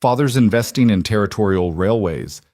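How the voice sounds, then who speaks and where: A man putting on a cruel, sharp-tongued Boston lady. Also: deep voice, animated, normal speed, no room sound, studio quality. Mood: scornful. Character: cold mocking rich young woman cousin.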